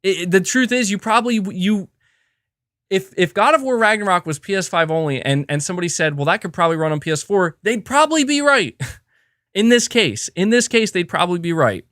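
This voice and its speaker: A man hosting a live reaction stream. He reads out viewer messages and talks in quick restarts. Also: high-pitched, very animated, fairly bright tone, no echo, clean studio sound. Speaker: livestream host.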